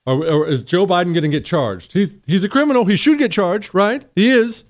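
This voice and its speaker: A man's voice: sits high, lively intonation, brisk. A man hosting a talk radio show, blunt and sarcastic in his opinionated monologue.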